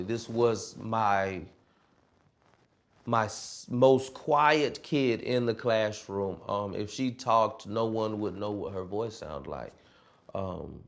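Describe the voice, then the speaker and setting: A man who mentors and coaches students, telling stories about his work in an earnest, expressive way, laughing often and mimicking his students' voices. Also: on the low side. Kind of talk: personal storytelling interview.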